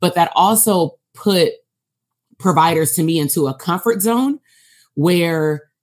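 A woman with a notably low voice hosts the conversation. She talks in a chatty way, with restarts, and offers coaching advice to her listeners. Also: slow pace. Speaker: podcast host. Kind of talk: casual interview talk.

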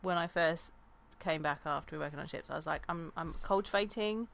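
A young woman co-hosting a casual podcast. Her voice sits low but sounds bright and forceful. She talks with teasing, dry asides. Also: little pitch movement, fast talker, vocal fry. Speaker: podcast co-host. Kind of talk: casual chat.

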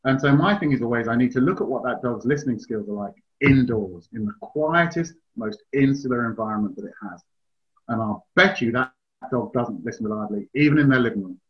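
A man with a mid-pitched voice talks dogs in a relaxed, chatty way. He explains his advice at length and sounds like a trainer answering a listener. The recording is a little dull and lo-fi. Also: fairly quick. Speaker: dog trainer, podcast host. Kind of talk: casual advice chat.

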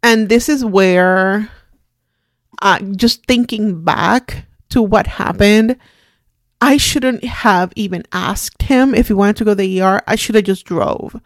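Woman in her forties, podcast host, somber, halting, mid-pitched voice, dry close sound. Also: no room sound. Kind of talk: personal storytelling monologue.

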